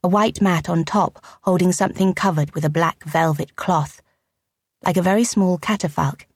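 Woman narrator, audiobook, husky, low, measured, arch, dry studio sound. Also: no echo. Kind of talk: scripted narration.

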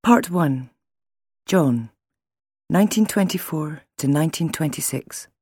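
A woman narrating an audiobook in a measured, expressive storytelling manner. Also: sits low, slightly rough, no room sound, clean studio sound. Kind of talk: audiobook reading.

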